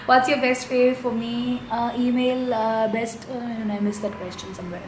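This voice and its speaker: A woman's voice: on the high side, fairly even intonation, normal speed. A young woman in a casual live chat who reads out fans' comments and answers them in a chatty way. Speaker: actress answering fans. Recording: roomy echo, faint noise.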